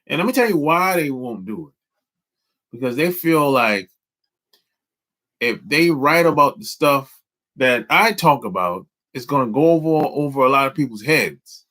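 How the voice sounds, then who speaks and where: A man chatting casually on a live stream in loose, slangy speech. He drawls, circles back and repeats his points. His voice is bright and swings widely in pitch. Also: animated, a little slow. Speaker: dating coach hosting a live stream.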